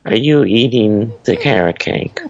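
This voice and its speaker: A man's voice: fairly low pitch, expressive, a little mellow, highs cut off. A man in casual banter with a co-host, defensive and playful. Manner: slow, denying, playfully defensive. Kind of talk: casual chat.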